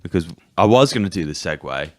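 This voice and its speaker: A man's voice: sits low, big pitch swings, a little fast, no room sound. A British man co-hosting a podcast, chatting casually and explaining things at length. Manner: explains at length, steers the conversation. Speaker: podcast co-host. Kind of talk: casual chat.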